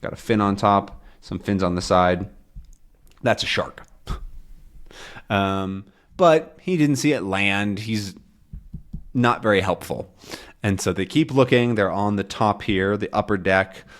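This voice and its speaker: A man's voice: on the low side, a little slow, pauses often. A young man teaching English, explaining a comic story in simple words with plenty of fillers.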